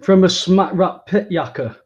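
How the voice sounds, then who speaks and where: A man with a dark, mellow voice, speaking bluntly and swearing a lot. The recording sounds dull and lo-fi. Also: high-pitched, unhurried. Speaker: podcast co-host. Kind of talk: casual chat.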